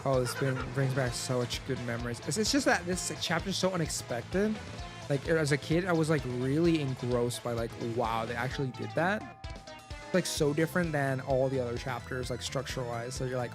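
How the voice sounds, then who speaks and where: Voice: mid-range voice, normal speed. A game streamer giving live, rambling commentary, full of "like", while reading game text aloud. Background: video game music.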